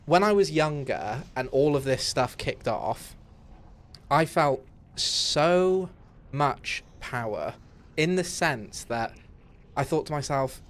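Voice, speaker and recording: A young man streaming a game from his home setup, talking in a candid, rambling way with many fillers and restarts. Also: fairly high pitch. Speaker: gaming streamer. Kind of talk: casual live-stream chat while playing.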